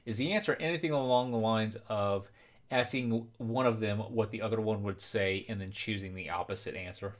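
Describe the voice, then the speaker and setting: A man's voice: fairly low pitch, moderate pace. A young man streaming casually while drinking, rowdy and profane, explaining things at length. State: drinking alcohol. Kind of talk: casual live-stream chat.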